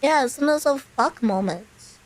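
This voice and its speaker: A woman's voice: sits high, lively intonation, unhurried, poor audio. A woman streamer telling a personal story in a casual, rambling way, full of fillers and small laughs. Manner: rambling, filler-heavy, with laughs between phrases.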